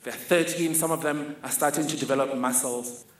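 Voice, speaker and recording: A young South African man tells a personal story on stage in a vivid, wry, self-mocking way. His voice sits in the mid range, with fairly even intonation and a normal speed. The hall echoes, with faint ambience around him.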